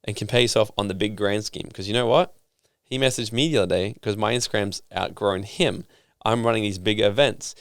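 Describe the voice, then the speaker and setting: A young man chats on a podcast in a low, gravelly yet smooth voice. He tells his stories with energy, swears casually and acts out what other people said. He sits close to the mic in a dry, quiet room. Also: brisk, dry recording. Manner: animated storytelling, swearing casually, acting out quoted people. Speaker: podcast guest.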